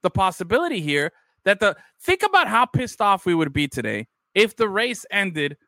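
A man hosting a casual podcast chat, animated and profane, often restarting his sentences. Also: sits high, normal speed, dry recording, clean studio sound. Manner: animated, swearing, restarts a lot. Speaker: podcast host.

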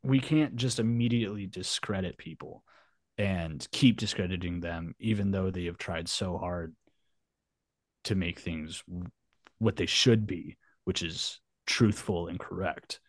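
Swearing, animated man, low voice. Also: measured pace, no room sound. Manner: profane, animated storyteller. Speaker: podcast guest. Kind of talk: casual interview chat.

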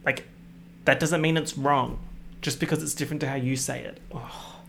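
Young Australian man with a gravelly voice. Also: mid-range voice, steady tone, moderate pace, a little hiss or hum. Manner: chatty, ranting, dramatic exaggeration. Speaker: podcast host. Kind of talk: casual pop-culture commentary.

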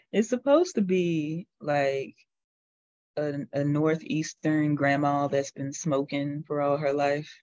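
A woman's voice: deep voice, a little mellow, highs cut off. A woman co-hosting a podcast, chatting casually and laughing as she apologizes. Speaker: podcast co-host. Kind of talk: casual chat.

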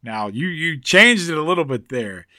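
Bright, teasing man talking sports. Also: a little high, normal speed, no echo, studio quality. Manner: animated, teasing, emphatic. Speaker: podcast co-host. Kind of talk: casual sports chat.

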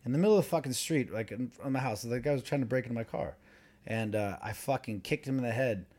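A man's voice: mid-range voice, fast. A man co-hosting a podcast, telling a rambling, profane story among friends and laughing as he goes. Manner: animated, profane, laughs while telling stories. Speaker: podcast co-host.

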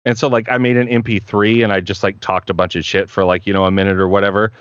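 A man's voice: lowish voice, flat delivery, quick pace, clear, resonant tone, no echo, highs cut off. A male voice actor chatting on a live stream, rambling and profane with many restarts. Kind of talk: casual live-stream chat.

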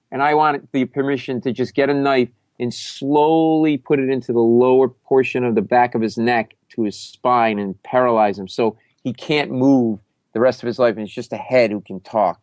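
A man telling a story as a comedy guest, loud and profane, often breaking into shouted reenactments. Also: mid-range voice, dry recording. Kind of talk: animated storytelling.

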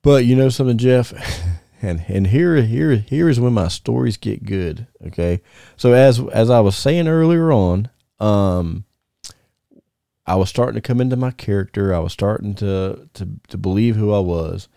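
A gravelly, mellow-voiced man, a former wrestler spinning stories on a podcast. He laughs often and stumbles through restarts as he talks. The recording is dry and close. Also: on the low side, normal speed, dry recording. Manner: animated, laughing storyteller with many restarts. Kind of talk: casual storytelling chat.

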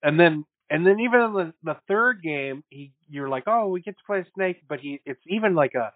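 A man's voice: a little high, expressive, normal speed, no room sound. A man co-hosting a casual podcast chat, telling stories animatedly and acting out quotes with bursts of laughter. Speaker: podcast co-host. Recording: dry, phone-like narrow sound.

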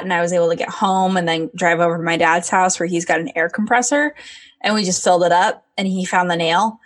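A woman's voice: medium pitch, a bit bright. Chatty young woman podcast co-host. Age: young adult. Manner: chatty, earnest, many fillers. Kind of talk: podcast chat.

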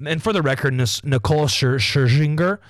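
A man's voice: a little high, moderate pace, no room sound, studio quality. A young man hosting a solo podcast from home, rambling, joking and losing his thread. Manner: self-mocking. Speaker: podcast host. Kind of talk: solo casual podcast monologue. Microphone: desk microphone.

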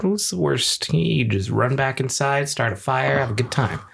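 A man's voice: mid-range voice, expressive, normal speed, vocal fry, background noise. A man co-hosting a podcast in casual chat, rambling and swearing freely in a laid-back way. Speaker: podcast co-host.

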